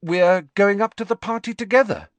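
A man voicing a clever teenage girl who talks brightly and with pointed sweetness. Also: high voice, moderate pace, no echo, lo-fi sound, voice pushed up, lightly acted. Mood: pointedly sweet. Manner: bright, emphatic, with a put-on giggle.

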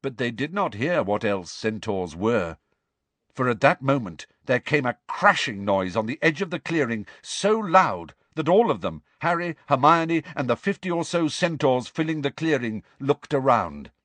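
A man narrating an audiobook in a measured, dramatic storytelling manner. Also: medium pitch, sing-song, a bit bright, no room sound. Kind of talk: scripted narration.

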